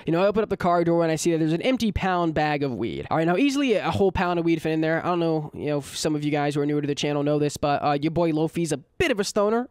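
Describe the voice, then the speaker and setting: A young man casually telling a storytime vlog in a slangy, animated way, laughing at his own bad luck. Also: a little high, clear, resonant tone, no echo, studio quality. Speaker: storytelling YouTuber.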